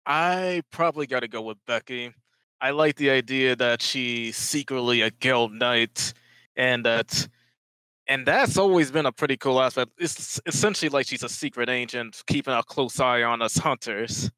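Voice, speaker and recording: A man's voice: medium pitch, normal speed, sharp tone, clean tone, no room sound, low-quality recording. A man appearing as a podcast guest, explaining in a casual, matter-of-fact, informative way. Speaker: podcast guest, lore expert.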